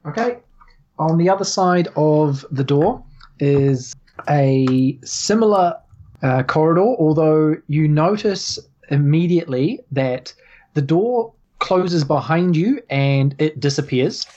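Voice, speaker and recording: Low-voiced woman running a tabletop game. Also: lively intonation, slow pace, mellow, highs cut off. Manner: easygoing, filler-heavy narration. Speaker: game master.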